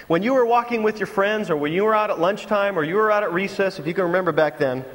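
A man's voice: sits high, fast, big-room sound. A man preaching a sermon to his congregation, telling stories and acting out mocking voices. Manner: animated storytelling with mocking impressions. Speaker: pastor.

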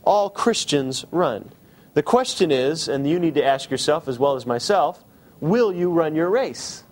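A man preaching a sermon, asking the congregation direct questions and slowing down for emphasis. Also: a little high, lively intonation, a little mellow. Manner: shifts between quick asides and slow emphasis. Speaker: pastor.

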